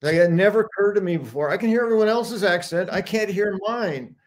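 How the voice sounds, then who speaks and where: A man's voice: high-pitched, a little fast. A man telling stories and sharing his thoughts in a casual live chat, laughing often. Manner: reflective storyteller, laughs often.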